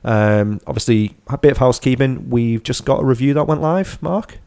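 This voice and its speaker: A man's voice: mid-range voice, moderate pace, darkish tone, clear, resonant tone, no room sound. A man co-hosting a casual live stream, reading out chat messages and laughing often. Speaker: podcast co-host.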